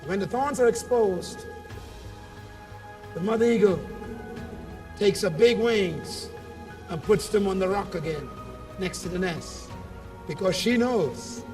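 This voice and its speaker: A man with a strikingly high voice delivers a motivational speech in a large convention hall, drawing each word out slowly. He tells his story with dramatic build-ups and calls for the crowd to answer back. The mic sits at a distance, and faint music plays beneath him. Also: a little mellow. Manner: dramatic storytelling with call-and-response. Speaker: motivational speaker.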